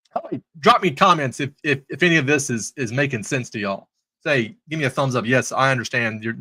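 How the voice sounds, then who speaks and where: A man teaching trading in a faith-based live lesson, an animated storyteller who repeats words as he starts sentences. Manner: animated storyteller, acts out characters with high voices. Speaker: trading instructor. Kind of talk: live-streamed teaching with stories.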